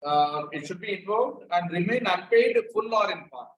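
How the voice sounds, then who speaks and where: A man, a participant in a workshop, speaking up to the presenter. His voice is high and bright. He disagrees politely, calling him sir. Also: expressive, moderate pace, rough recording. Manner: polite, says sir, objects briefly.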